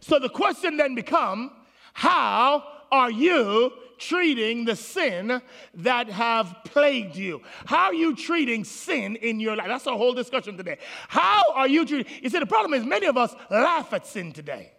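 A man preaching a sermon to his congregation, animated, calling out to the people in the room. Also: very high-pitched, moderate pace, vocal fry. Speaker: pastor. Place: large auditorium with congregation. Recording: long hall reverb.

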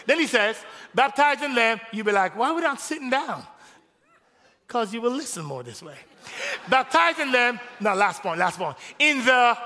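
A male pastor preaching a sermon, rising to shouts on key phrases in call-and-response style, in a church sanctuary. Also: very high voice, big pitch swings, moderate pace, in a large hall.

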